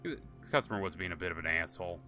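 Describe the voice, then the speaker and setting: A man's voice: low-pitched, lively intonation, rapid-fire, sharp tone, faint music behind. A man streaming a game, chatting to his viewers and telling rambling, profane stories. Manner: rambling, profane, laughing storyteller. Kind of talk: casual gameplay commentary.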